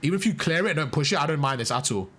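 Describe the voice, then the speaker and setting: A young man coaches a player live through a match, speaking fast and animatedly in a fairly high, slightly bright voice. He is emphatic, praises generously, and keeps repeating his instructions, delivering live gameplay coaching commentary.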